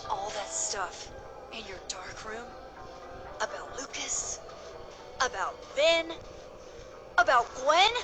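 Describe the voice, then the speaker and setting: A woman's voice: on the high side, animated, takes it slowly, long pauses. An actress voicing a confrontational young woman in a video game, with game music behind her. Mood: bitter. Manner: confrontational, accusing. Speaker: game character.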